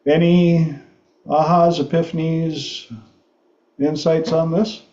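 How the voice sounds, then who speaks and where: A man hosting a talk show, telling a story slowly and haltingly, laughing often. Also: on the high side, level tone, warm tone, roomy sound, dull audio. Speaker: host.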